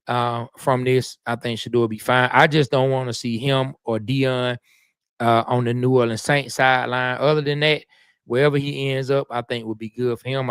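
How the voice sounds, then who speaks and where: A man co-hosting a casual sports talk show, speaking in a measured way with frequent stammering restarts. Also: mid-range voice, clear, resonant tone, dry recording, studio quality.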